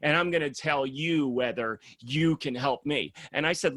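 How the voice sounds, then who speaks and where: A man, a program founder, speaking in a casual podcast conversation as an animated storyteller who acts out the voices he quotes. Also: a little high, moderate pace, few pauses, no room sound, studio quality.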